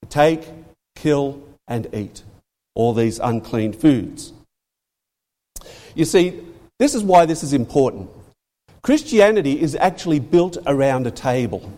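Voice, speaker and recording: In a long hall reverb, a man with a fairly high, mellow voice preaches a sermon. He's emphatic, repeating phrases and leaning hard on key words as his voice rises and falls for stress.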